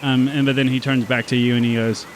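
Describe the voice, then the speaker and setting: A man narrating as game master in a tabletop game, relaxed and quick to laugh at himself. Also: medium pitch, slight background noise.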